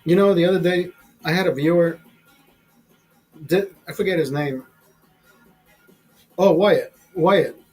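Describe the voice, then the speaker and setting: A man's voice: sits high, measured pace, pauses often, a little mellow, slightly rough, faint music behind, rough recording. A man hosting a livestream, chatting to his viewers in a profane, rambling, easygoing way. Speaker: livestream host. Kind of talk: casual chat to viewers.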